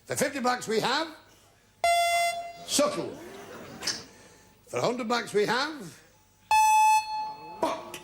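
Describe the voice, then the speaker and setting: A man hosting a TV game show with wisecracking jokes and drawn-out asides to the audience. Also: high voice. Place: TV studio with a live audience. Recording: loud studio audience and noise from an old TV broadcast.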